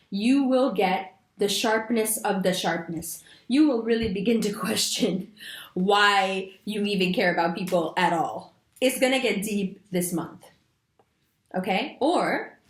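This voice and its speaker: A woman giving a monthly astrology reading, talking straight to her viewers in an animated, emphatic way with casual slang. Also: medium pitch, echoey room. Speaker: astrology reader. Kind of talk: monthly horoscope reading to camera.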